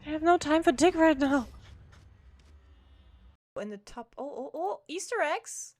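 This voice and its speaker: A woman streamer chatting through a game, excitable and quick to laugh and shout. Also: high voice, no room sound. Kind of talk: casual live-stream commentary.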